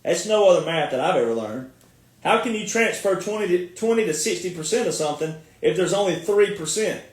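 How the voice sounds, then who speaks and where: A man's voice: sits high, lively intonation, a little fast. A man from the United States, a military veteran, giving a sarcastic, mocking commentary and often breaking into laughter. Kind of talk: ranting online commentary. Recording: echoey room, far from mic.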